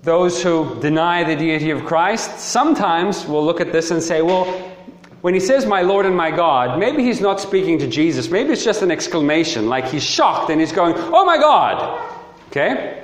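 A man preaching a sermon, reading scripture and arguing his point in an emphatic, lively way with short laughs. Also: a little high, moderate pace. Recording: echoey hall with long reverb.

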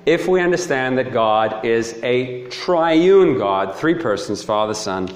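A man preaching a sermon, reading scripture and arguing his point in an emphatic, lively way with short laughs. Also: medium pitch, slow pace, a little hiss or hum. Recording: echoey hall with long reverb.

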